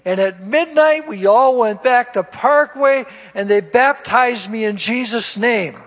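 Speaking at a measured pace in a very high, slightly bright voice, this male guest speaker shares his conversion testimony during a church sermon, folksy and self-mocking. The audio is a dull, lo-fi church capture with a long reverb tail.

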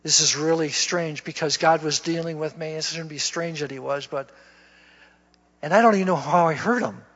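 High-voiced man telling his testimony. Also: moderate pace, fairly bright tone. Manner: storytelling, folksy, laughs at himself. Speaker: guest speaker giving testimony. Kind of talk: sermon testimony. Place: church. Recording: dull lo-fi church recording with long reverb.

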